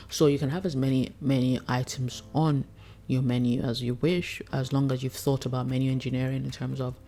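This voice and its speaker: A woman chef with a bass voice and dark tone coaches food business owners in casual teaching talk. She's chatty and laid-back, laughing often and acting out her customers.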